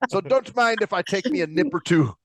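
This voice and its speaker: A man's voice: high voice, lively intonation, fairly quick. A man doing a boozy pirate cabbie. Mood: mischievous. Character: boozy male pirate cab driver.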